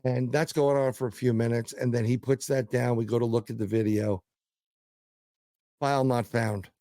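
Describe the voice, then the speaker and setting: A man's voice: medium pitch, flat delivery, a little fast, dark tone, no echo. A man, a paranormal investigator, telling a story as a guest in a casual interview; he rambles, repeats words and acts out quotes.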